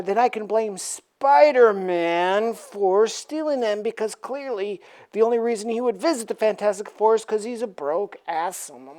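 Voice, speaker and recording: A woman's voice: mid-range voice, warm tone, natural voice. A woman doing a sly scheming villain. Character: scheming male master of disguise villain.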